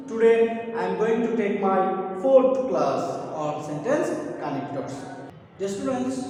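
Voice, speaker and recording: Slow, high-voiced man lecturing in an echoey room. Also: darkish tone, slight background noise. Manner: repetitive, addresses listeners as dear students. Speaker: English teacher. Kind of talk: recorded grammar lecture. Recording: echoey room, far from the mic.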